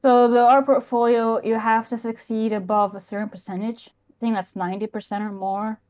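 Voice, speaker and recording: A young adult woman calling in over a voice call, talking in a halting way that often trails off. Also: a little high, flat delivery, a little mellow, low-quality recording. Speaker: caller. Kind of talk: casual call-in chat.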